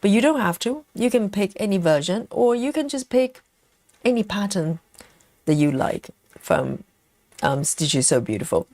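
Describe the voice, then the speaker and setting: A woman hosting a cross-stitch livestream, chatting casually and relaxed, with many fillers, snacking on chocolate as she talks. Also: medium pitch, moderate pace, no echo.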